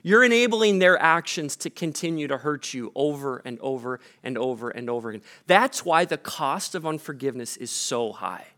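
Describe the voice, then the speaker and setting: A man's voice: mid-range voice, lively intonation, moderate pace, hardly any pauses, sharp tone. A man, the pastor, preaching a sermon in a casual, conversational way with frequent fillers, recorded in a church.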